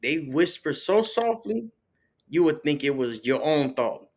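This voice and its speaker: Slangy storytelling man, fairly high voice. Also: very animated, a little slow, darkish tone. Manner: storytelling, acts out quoted voices, loose slang. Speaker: podcast guest, author. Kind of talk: casual conversation.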